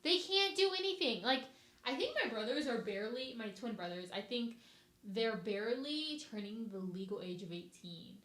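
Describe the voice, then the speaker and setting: A woman's voice: fairly high pitch, normal speed. A young woman hosting a casual podcast, talking bluntly and with energy about her wedding plans. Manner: blunt, animated, ranting. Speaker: podcast host, bride-to-be. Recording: echoey room.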